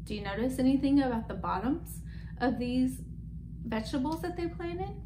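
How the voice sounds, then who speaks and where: Female storyteller for a kids' read-aloud; gentle, questioning the children, high voice, roomy recording with faint noise. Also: lively intonation, normal speed. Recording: echoey room with faint background.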